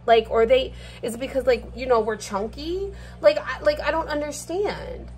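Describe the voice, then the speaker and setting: A woman's voice: high-pitched, normal speed, darkish tone, slight background noise. A woman ranting bluntly and swearing freely while she cooks in her kitchen for a vlog. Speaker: vlogger. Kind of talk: casual rant while cooking. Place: home kitchen.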